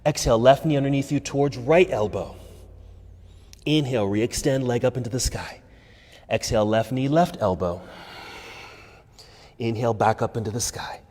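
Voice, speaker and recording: A man teaching a yoga class, calmly cueing poses and breaths, and he is a little out of breath. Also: mid-range voice, moderate pace, pauses often, big-room sound. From United States. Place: yoga studio.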